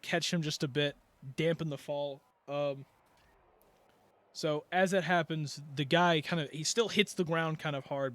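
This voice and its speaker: Bright-voiced man rambling as game master. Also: a little high, no room sound. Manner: rambling narration full of fillers and restarts. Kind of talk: narrating a tabletop game.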